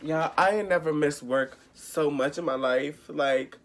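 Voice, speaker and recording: Young vlogger from the US, rambling profane rant, exasperated, middling pitch. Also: steady tone, measured pace, slight background noise. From United States. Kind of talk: casual vlog rant.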